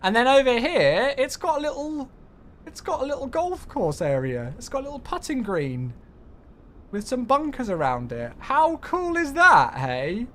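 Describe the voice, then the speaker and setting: A man's voice: very high voice, sing-song, normal speed. A man giving chatty live commentary while streaming a flight simulator and cheerfully greeting viewers.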